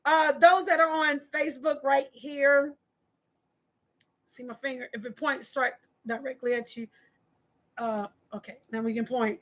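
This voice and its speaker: A woman's voice: high-pitched, fairly even intonation, measured pace, fairly bright tone. A woman hosting a live-streamed relationship advice talk, reading viewer comments and preaching emphatically with lots of repetition. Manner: emphatic and preachy, with repeated phrases. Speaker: host of a relationship talk channel.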